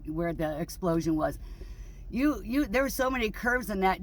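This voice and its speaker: A woman's voice: mid-range voice, bright, forceful tone. A middle-aged woman in a casual vlog monologue, grieving and angry, rambling bluntly and swearing freely. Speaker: vlogger.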